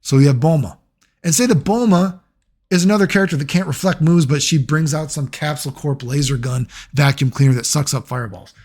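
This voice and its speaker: A man's voice: fairly high pitch, brisk, a little mellow. A man speaking as a gaming YouTuber in casual commentary, rambling and sarcastic, swearing freely.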